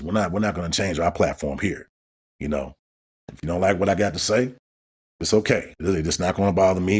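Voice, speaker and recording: A man's voice: sits low, a little mellow, slightly rough. A man hosting a podcast, talking in a heated, emphatic monologue and repeating words as he builds up steam. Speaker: podcast host.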